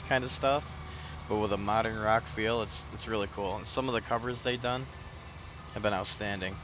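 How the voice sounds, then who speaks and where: A man's voice: medium pitch, fairly even intonation, moderate pace. A man hosting a casual live stream, chatting with viewers by name and laughing often. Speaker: livestream host. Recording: background noise.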